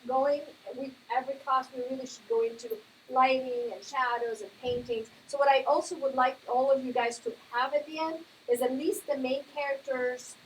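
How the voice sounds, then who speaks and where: A woman's voice: sits high, normal speed, few pauses, a little hiss or hum, low-quality recording. A woman teaching an art class, giving feedback on a student project and often checking if her points make sense. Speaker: art instructor. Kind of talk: classroom critique.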